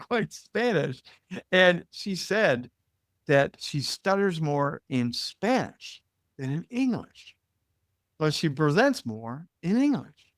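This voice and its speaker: A man with an Indiana American accent, talking as a guest in a casual interview. He is animated and laughs easily. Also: a little high, no echo, clean studio sound. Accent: American Midwestern, Indiana. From United States. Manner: animated and expressive, laughs easily, acts out voices in quotes. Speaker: guest, media coach and broadcaster.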